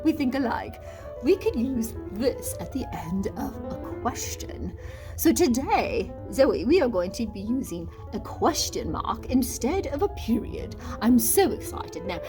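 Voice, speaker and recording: A woman voicing a playful grown-up puppet lady who chats with a child puppet in a children's lesson, in a sing-song teacher voice. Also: sits high.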